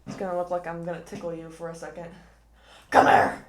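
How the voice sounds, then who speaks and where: A woman's voice: fairly low pitch, monotone, brisk. A woman reacting to clips in a casual vlog, talking to camera in a chatty, exasperated way with lots of "like". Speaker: commentary vlogger.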